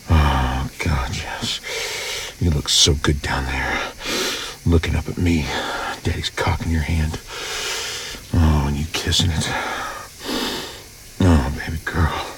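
A man murmurs through an intimate audio role-play in an extremely deep, gravelly voice. He takes his time, trailing into soft whispers and sighs. The recording carries a steady hiss of noise behind him. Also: slow pace, long pauses.

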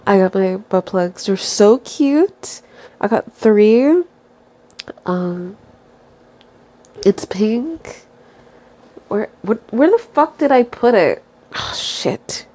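A woman's voice: mid-range voice, warm tone. A young woman with a stuffy nose chatting casually to her listeners, giggly and swearing freely.

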